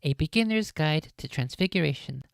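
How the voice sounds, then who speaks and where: A woman's voice: deep voice, animated, moderate pace, creaky, dry recording. A woman streamer reading a book aloud on a live stream, casual and jokey, breaking off for swearing asides.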